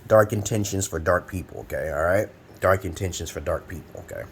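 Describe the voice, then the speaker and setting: Man in his 40s, low voice, profane preachy advice rant at home, fan hum faintly behind. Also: brisk, vocal fry. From Brooklyn, New York, USA. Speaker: advice vlogger. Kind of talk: rambling advice monologue. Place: home room. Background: fan running.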